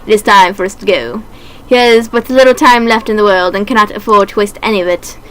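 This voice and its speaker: Woman voicing a condescending villain doctor, quiet, bright tone. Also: medium pitch, close to an everyday voice, low-quality recording. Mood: smug. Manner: soft, measured, condescending. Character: smug, sinister male doctor bird, calm and cold.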